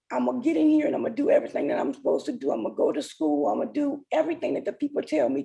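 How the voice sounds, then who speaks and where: A woman's voice: sits high, gravelly, dark tone, rough recording. A woman in her forties giving an earnest, emotional personal testimony as a summit speaker. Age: 40s.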